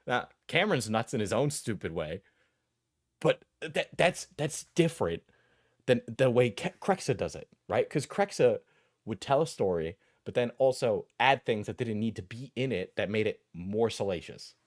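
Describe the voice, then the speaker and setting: A man's voice: medium pitch, big pitch swings, moderate pace, dry recording. Guy streamer ranting and cussing over clips, dry close mic, laughs a lot. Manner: profane, mocking, loud and laughing. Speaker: streamer reacting to videos. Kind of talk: casual live-stream commentary.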